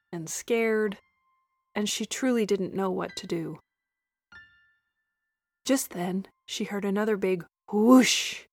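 A woman narrating a children's story in a gentle, expressive way. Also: medium pitch, no room sound.

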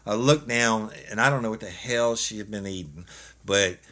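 Man, ex-cop podcast co-host, lowish voice, animated storyteller who laughs a lot. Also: normal speed. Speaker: podcast co-host, former police officer. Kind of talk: casual storytelling.

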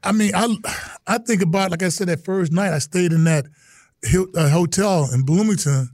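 Animated storytelling man, fairly high voice. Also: normal speed, no echo, clean studio sound. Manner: animated storyteller, acts out quotes, exclamations. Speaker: interview guest, retired football player. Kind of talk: casual interview storytelling.

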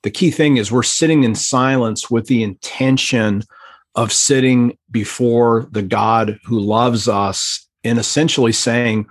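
A pastor trainer appearing as a podcast guest earnestly recounts an emotional personal story before explaining a prayer practice, in a conversational storytelling style. His mid-range voice is steady, at a measured pace. The recording is dry.

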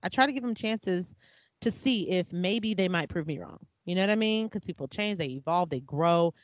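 A woman's voice: lowish voice, lively intonation, normal speed, no echo. Candid, reflective woman in casual talk. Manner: candid, reflective, talks with restarts and "like". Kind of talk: casual conversation. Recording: slightly dull dry sound.

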